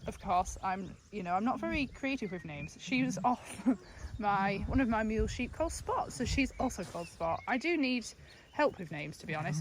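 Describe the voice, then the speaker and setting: A woman shepherd, chatting casually on her farm and cooing fondly at her sheep. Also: mid-range voice. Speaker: shepherd and farmer. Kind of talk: casual vlog narration on the farm. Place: outdoors on a farm among sheep. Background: sheep and faint outdoor noise.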